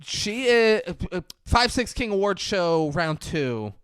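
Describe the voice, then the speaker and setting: A young man co-hosting a casual movie-review podcast, excitable and profane, recorded on a close mic. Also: sits high, measured pace, smooth, dry recording. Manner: excitable, profane, swings into voices. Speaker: podcast co-host.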